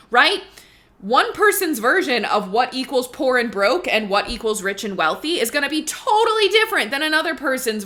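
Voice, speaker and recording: Bright, chatty woman podcast host. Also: mid-range voice. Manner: chatty and emphatic, heavy on "like" and "right?", swears freely. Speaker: podcast host and money coach. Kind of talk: casual podcast monologue.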